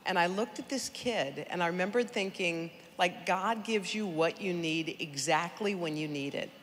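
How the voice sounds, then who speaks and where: A woman's voice: fairly low pitch, normal speed. A middle-aged woman telling her story in a hall. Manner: lively, conversational, addresses the audience directly. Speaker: guest speaker at a charity gala. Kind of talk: personal storytelling speech. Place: large event hall. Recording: echoey large hall, faint noise.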